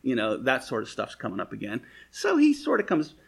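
A man's voice: mid-range voice, huge pitch swings, brisk, gravelly, slightly rough. A man teaching through Bible verses in a rambling, conversational way, full of "you know" asides and dry wry humor.

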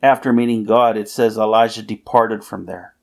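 A man delivers a sermon in a low, gravelly voice. He reads scripture with earnest emphasis, pausing on key phrases. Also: fairly even intonation, darkish tone. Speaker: preacher.

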